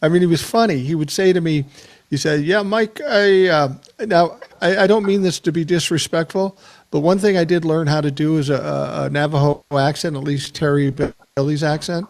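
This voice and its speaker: Older male podcast host, gravelly and a touch high-pitched, casual storyteller. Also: steady tone, fairly quick, darkish tone. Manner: storytelling, laughs easily. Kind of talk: casual chat.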